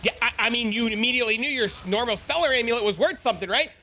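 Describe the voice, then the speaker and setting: A man's voice: extremely high pitch, very fast, few pauses. A man streaming a game, chatting casually with viewers, swearing freely and bantering. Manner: profane, animated and bantering. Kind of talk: casual live-stream chat.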